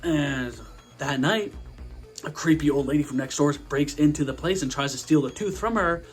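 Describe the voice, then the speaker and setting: A young man giving a casual horror movie review, talking in a slangy, profane, animated way. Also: a little high, normal speed, faint music behind.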